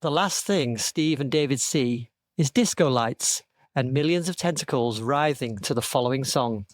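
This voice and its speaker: A man and podcast co-host, reading a comic story with dry, deadpan delivery. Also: mid-range voice, normal speed, a little hiss or hum.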